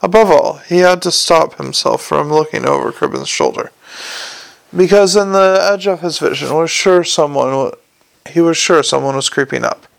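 A man narrating a fantasy audiobook in a measured, wry storytelling manner. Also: on the high side, vocal fry, dry recording.

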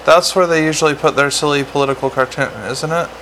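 A man's voice: fairly high pitch, fairly even intonation, quick pace, bright, forceful tone, a little hiss or hum. A man reading the part of a weary, grumpy male police commander in an audiobook, speaking bluntly.

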